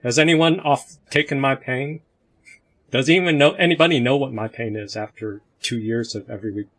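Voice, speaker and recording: Husky-voiced male host, opinionated, casual discussion over a video call. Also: mid-range voice, normal speed. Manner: opinionated, animated, laughs between points.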